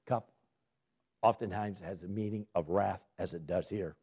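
A man's voice: sits low, moderate pace, slightly rough. A man teaching a Bible study in sermon style, asking his listeners questions and answering them himself, lifting his voice on key words. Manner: lively, rising emphasis on key words.

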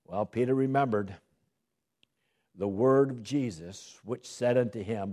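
A man leads a Bible study in a husky voice that swings widely in pitch. He reads old scripture verses with dramatic emphasis and stops to quiz his listeners with questions. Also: animated, a little slow, dark tone. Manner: asks the class rhetorical questions. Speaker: Bible teacher.

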